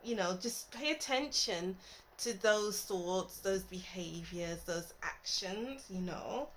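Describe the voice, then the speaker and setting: A woman's voice: medium pitch, lively intonation, takes it slowly, fairly bright tone, slight background noise. A woman giving a chatty, reassuring tarot reading into her phone, now and then laughing at herself. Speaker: tarot reader.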